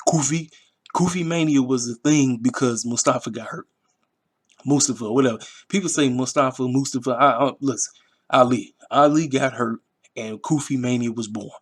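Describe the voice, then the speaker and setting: A man in the middle of his pitch range rants through a wrestling recap. His talk is casual and rambling, full of emphatic repeats and street slang. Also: normal speed, breathy edge. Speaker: wrestling review channel host. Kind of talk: casual commentary.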